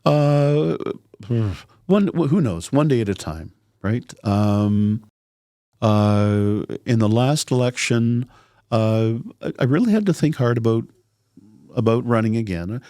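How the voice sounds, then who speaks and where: Raspy middle-aged councillor, easygoing and joking, mellow dark tone, dry close sound. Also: male voice, medium pitch, expressive, slow, no echo. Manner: easygoing, joking, talks in loose rambling phrases. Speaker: city councillor and podcast guest. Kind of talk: casual podcast interview.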